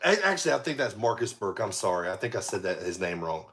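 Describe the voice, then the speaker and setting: A young American man with a fairly low voice gives quick, casual play-by-play as an amateur sports commentator. He's excitable, shouting on big plays and laughing at his own slips.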